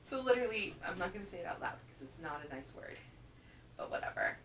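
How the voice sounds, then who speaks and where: Lower-voiced woman chatting about books. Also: animated, racing, a bit bright. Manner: chatty and emphatic, repeats for stress. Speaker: book reviewer. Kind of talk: casual reading wrap-up chat. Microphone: camera microphone. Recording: roomy, from a distance with faint hum.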